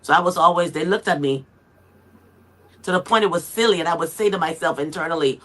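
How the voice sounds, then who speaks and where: A woman moderating a podcast panel, her voice bright and forward. She talks straight to her guest, nodding along and reflecting back what she heard in an easy, conversational way. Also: fairly low pitch, fairly quick. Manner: affirming, reflective, addresses guest directly.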